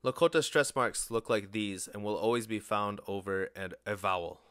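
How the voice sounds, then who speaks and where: A man giving a spoken language lesson, slow and deliberate, pronouncing each word on its own. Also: lowish voice, fairly bright tone, smooth, no echo, studio quality. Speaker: language teacher.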